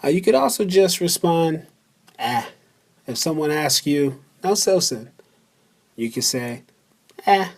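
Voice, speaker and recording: A man narrates a beginner language lesson over slides. His voice sits a little high, and he speaks slowly and deliberately. He repeats key words so the listener can follow along. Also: expressive. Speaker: language teacher.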